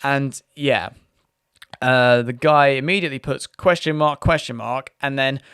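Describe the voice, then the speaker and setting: A man's voice: medium pitch, measured pace, fairly bright tone, smooth, no echo, clean studio sound. A man hosting his own video, chatting casually and laughing as he reads out posts. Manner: amused, laughs often, chatty with many restarts. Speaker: vlog host. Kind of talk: casual commentary reading posts aloud.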